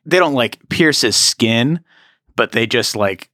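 A man's voice: mid-range voice, expressive, slow, sharp tone, no echo, studio quality. A man narrating as game master of a tabletop game, describing scenes with apologetic asides.

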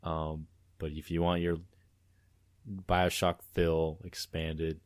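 A man's voice: a bass voice, level tone, slow, clear, resonant tone, dry recording, studio quality. A man chatting casually on a gaming podcast in a laid-back way, trailing off at times.

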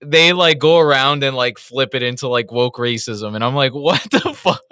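A man co-hosting a casual review podcast, telling stories in an animated, profane way. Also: mid-range voice, normal speed, clear, resonant tone, dry recording, studio quality. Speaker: podcast co-host.

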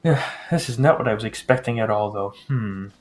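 A man voicing a pompous, fussy noble lord in a tabletop game, talking in a slow, theatrical aristocratic drawl. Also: fairly low pitch, natural voice.

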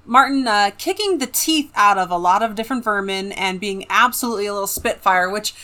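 A woman co-hosting a casual book podcast, with a bright, sharp voice at a middling pitch. She rambles along and fills her sentences with fillers as she goes. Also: lively intonation, brisk. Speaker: podcast co-host.

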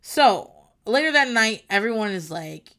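Blunt, creaky-voiced woman recapping TV. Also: medium pitch, sing-song, measured pace, a bit bright. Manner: blunt, profane and rambling. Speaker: podcast host recapping a reality show. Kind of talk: casual chat.

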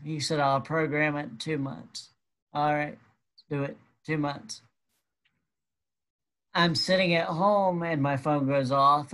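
Slow-paced storyteller, wry, matter-of-fact, casual talk. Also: mid-range voice, a bit bright. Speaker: guest telling a personal story.

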